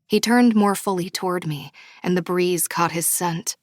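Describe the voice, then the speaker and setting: A woman narrating a romance audiobook in first person, bubbly and expressive. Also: on the low side, normal speed, hardly any pauses, no room sound, studio quality. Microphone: studio microphone.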